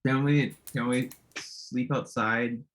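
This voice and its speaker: A man's voice: mid-range voice, fairly even intonation, slow, a bit bright, a little hiss or hum. A man playing in a tabletop role-playing game, asking hesitant, stumbling questions in a casual way. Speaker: player.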